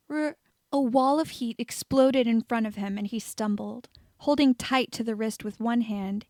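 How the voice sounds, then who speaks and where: A woman reading fan fiction aloud as an audiobook narrator, steady and even. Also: a little high, dry recording, studio quality. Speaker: audiobook reader.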